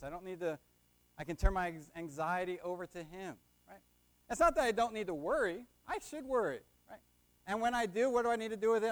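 A young man giving a sermon, often checking in with the congregation by asking "right?" and leading them in call and response. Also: high voice. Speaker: lay preacher.

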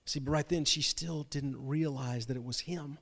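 Higher-voiced preacher in a reverberant hall. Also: male voice, steady tone, moderate pace, a bit bright. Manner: dramatic retelling with frequent repeated words. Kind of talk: sermon storytelling. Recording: long reverb from a large hall.

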